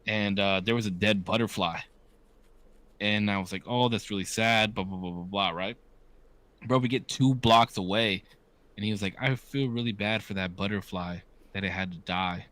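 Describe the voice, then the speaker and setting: Low-voiced swearing man in his thirties. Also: normal speed, a bit bright, no echo. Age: 30s. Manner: candid, swears often, acts out quoted voices. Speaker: podcast co-host. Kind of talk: casual chat.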